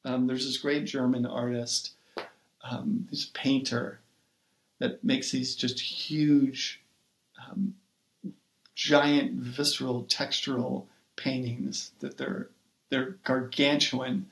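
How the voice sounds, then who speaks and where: A man who is a poet and writing coach, guest on a podcast, telling a personal story in an earnest, reflective way with many pauses and fillers. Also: mid-range voice, level tone, creaky, fairly bright tone. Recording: roomy echo.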